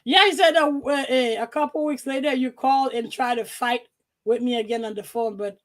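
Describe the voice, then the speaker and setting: A woman reading out her own emails on a podcast in a profane, animated way, laughing often. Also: sits high, normal speed.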